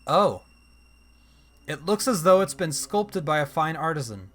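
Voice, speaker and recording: A man's voice: a little high, lively intonation, measured pace, fairly bright tone. A man hosting a let's play, reading a text adventure aloud in a casual style and breaking off for chatty asides and self-corrections. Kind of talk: casual game narration with asides.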